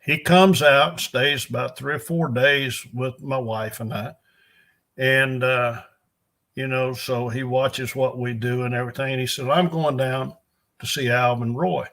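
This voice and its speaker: A man's voice: mid-range voice, a bit bright. An older man, a strength coach telling rambling, folksy stories in an interview. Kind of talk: storytelling in an interview.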